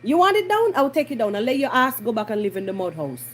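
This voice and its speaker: Husky, animated Jamaican woman. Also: fairly high pitch, quick pace. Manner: animated, blunt, slipping into patois. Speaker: podcast host. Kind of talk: casual commentary monologue.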